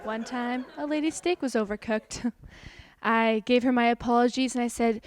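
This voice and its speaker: A young woman with a slightly high voice delivers a satirical TED-style talk. Her sarcastic, mock-dramatic tone keeps breaking into laughter. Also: steady tone, normal speed, no echo. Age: young adult. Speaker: student presenter.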